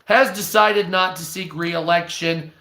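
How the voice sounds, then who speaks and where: A man's voice: high-pitched, fairly even intonation, a little slow, pushed and bright, echoey room, faint music behind. Foul-mouthed hostile man ranting over news. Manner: profane, hostile and sarcastic. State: stoned. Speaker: live stream news host. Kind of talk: reading news aloud with ranting commentary.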